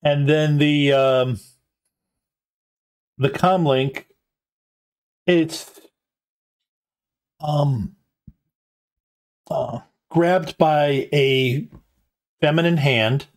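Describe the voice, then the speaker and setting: A man running a tabletop game at a live convention, talking slowly and haltingly. His voice sits a little high, and he fills pauses with ums as he restarts sentences. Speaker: game master.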